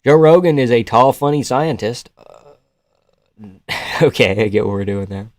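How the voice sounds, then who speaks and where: A man's voice: medium pitch, animated, measured pace, long pauses, no echo, studio quality. A man hosting a casual live stream about a fight night, reading chat aloud, joking and laughing often.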